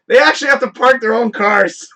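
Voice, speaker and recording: A man's voice: very high voice, sharp tone, slight background noise. A man hosting a live stream, telling a story in a casual, profane rant and laughing often. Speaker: host.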